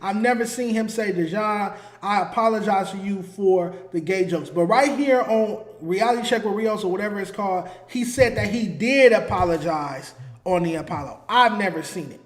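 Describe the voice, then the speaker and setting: A man hosts his own solo commentary show in a high voice at normal speed, the sound roomy. He's heated and emphatic, hammering his points through repetition.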